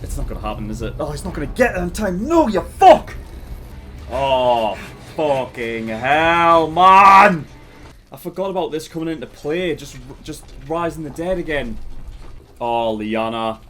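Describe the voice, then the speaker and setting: A man giving live reaction commentary, swearing often and crying out in excitement. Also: on the high side, a little fast. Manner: swears a lot, cries out in excitement. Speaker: video reactor.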